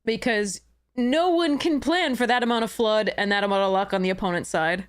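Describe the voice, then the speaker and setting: A woman's voice: medium pitch, brisk, smooth. A young adult woman streaming a card game, talking to herself in frustration, swearing and laughing in exasperation. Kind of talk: livestream game commentary.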